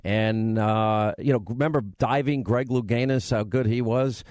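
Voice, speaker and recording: A man's voice: medium pitch, fairly even intonation, measured pace, darkish tone, dry recording. A man hosting a radio talk show, rambling and teasing in casual on-air banter.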